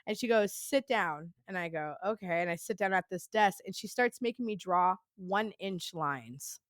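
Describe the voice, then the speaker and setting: A woman telling a story as a podcast guest, rambling and profane, peppering her talk with laughs and quick "right?" asides. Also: mid-range voice, lively intonation, no echo, studio quality. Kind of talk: casual storytelling.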